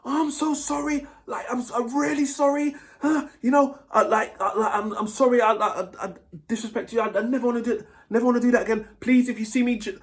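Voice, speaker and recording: A young woman stammers and begs in a raised, squeaky voice, as a man puts her on in a spoken skit. She sounds tipsy and sorry, tripping over her words. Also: steady tone, a little fast, few pauses. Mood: pleading. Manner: stammering, pleading, breathless apologies. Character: tipsy young woman, girlfriend, apologetic and pleading.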